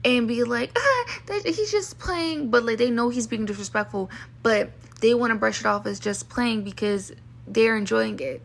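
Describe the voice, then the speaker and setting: A woman speaks on her podcast in a frank, emphatic way, as if getting things off her chest. Her voice sits a little high with a gravelly, fry-laced texture. She tells personal stories in a candid, conversational flow.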